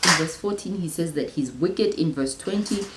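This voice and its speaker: A woman's voice: lowish voice, normal speed, echoey room, very noisy. A woman hosting a Bible study, who teaches in a casual, earnest way and thinks aloud, often restarting her sentences.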